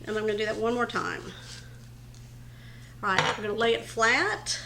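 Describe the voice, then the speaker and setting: A woman's voice: a little high, moderate pace, gravelly, noisy background. Chatty woman hosting a cooking show. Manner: friendly, chatty, addresses viewers as you guys. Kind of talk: cooking demonstration. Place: home kitchen.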